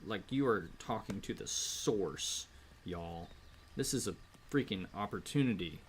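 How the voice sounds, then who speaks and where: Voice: sits low, expressive, a little slow, a little hiss or hum. A streamer chatting casually while drawing, playful and rambling, often breaking into song. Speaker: streamer and artist. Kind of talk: casual live-stream chat with singing. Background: rain and piano ambience.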